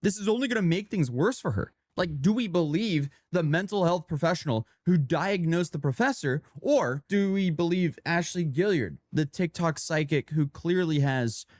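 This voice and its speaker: A commentary narrator cuts in with scornful, pointed rebuttals. The voice sits mid-range, moves lively up and down, and sounds dry and close. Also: medium pitch, moderate pace, few pauses, no room sound. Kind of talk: critical commentary.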